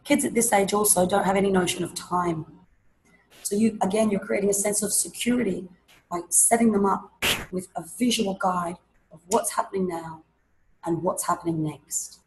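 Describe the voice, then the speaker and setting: A woman teacher trainer presents an online webinar through a computer microphone. She explains classroom activities and acts them out with lively, playful energy. Her voice sits at a medium pitch, with a faint hiss behind it. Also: moderate pace, poor audio.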